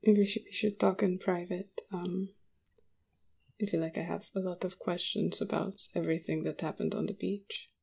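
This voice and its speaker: A woman's voice: lowish voice, fairly even intonation, moderate pace, vocal fry, warm tone, breathy edge. A woman player in a tabletop game, describing her character's actions with many fillers. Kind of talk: tabletop role-play chat.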